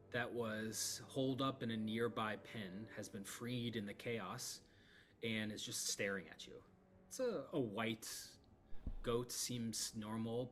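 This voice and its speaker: A man's voice: medium pitch, a bit bright. A man narrating as game master of a tabletop game, in a casual, filler-heavy way.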